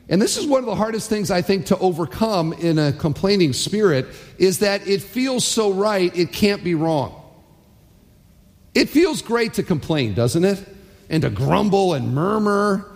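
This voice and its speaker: A male pastor delivers a sermon in a high voice that leaps up and down with lively swings. He throws in rhetorical questions and acts out little quotes along the way. Long reverb from a large church hall hangs behind his words. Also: measured pace.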